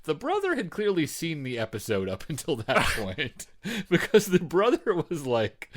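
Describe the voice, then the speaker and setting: A man's voice: fairly high pitch, wildly swooping pitch, normal speed, few pauses. A man co-hosting a podcast in casual chat, talkative and laughing often as he trails off and restarts. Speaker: podcast co-host.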